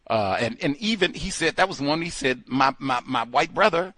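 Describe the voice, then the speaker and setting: Man, talk radio host, casual commentary, laughing, very expressive pitch. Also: normal speed, dry recording. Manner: animated, laughing, acts out quoted people.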